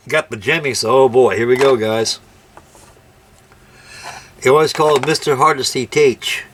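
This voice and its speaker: A man's voice: mid-range voice, wildly swooping pitch, measured pace, long pauses, fairly bright tone, a little hiss or hum. Rambling folksy older man. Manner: rambling, folksy anecdotes with ungrammatical turns. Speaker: scale model builder. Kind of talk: casual workshop chat and storytelling.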